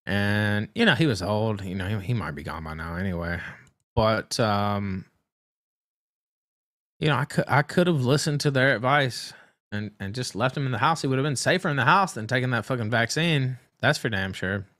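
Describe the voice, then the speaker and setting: Stream host, male, very low voice, halting and rambling, casual personal storytelling. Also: animated, a bit bright. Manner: halting and rambling, with many fillers and restarts. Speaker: livestream host.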